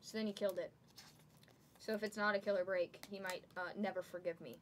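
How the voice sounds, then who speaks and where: A woman hosting a live trading card break, excitedly calling out each card as she pulls it. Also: medium pitch, slight background noise. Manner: excitable, calls out cards rapidly.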